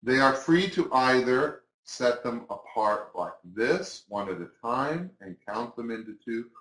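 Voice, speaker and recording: A man's voice: mid-range voice, animated, measured pace, a bit bright. Chatty man teaching magic, roomy sound. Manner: casual, chatty, acts out patter to spectators. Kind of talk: instructional talk to camera.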